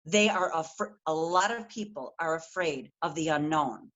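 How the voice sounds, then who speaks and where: A woman's voice: sits low, measured pace, dull audio. Earnest woman telling her story. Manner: earnest, animated storytelling with acted-out quotes. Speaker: podcast guest, empowerment coach. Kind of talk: casual interview chat.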